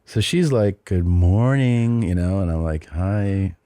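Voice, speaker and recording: Deep-voiced man telling a rambling story. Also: unhurried, warm tone, no room sound, studio quality. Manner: rambling anecdote with frequent restarts and asides. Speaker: podcast host. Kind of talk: casual storytelling chat.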